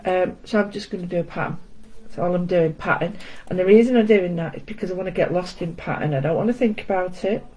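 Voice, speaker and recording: A woman's voice: on the low side, fast, a little mellow, low-quality recording. Chatty woman teaching art. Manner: chatty, greets viewers by name, self-deprecating asides. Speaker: art session host. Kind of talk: casual live-stream art lesson. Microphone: home setup with camera.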